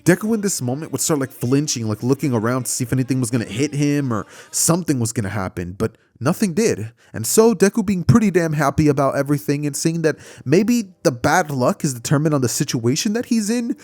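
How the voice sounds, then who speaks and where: Man, casual storyteller, animated, conversational, lively pitch, dry close sound. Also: a little fast, few pauses, dry recording. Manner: animated, conversational, frequent fillers. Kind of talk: casual fan-fiction storytelling.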